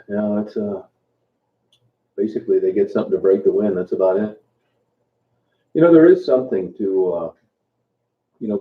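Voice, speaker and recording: A man hosting a casual livestream chat, greeting viewers by name and talking in a relaxed, halting way with plenty of fillers and restarts. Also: low voice. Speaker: livestream host. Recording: tinny phone-like sound in an echoey room.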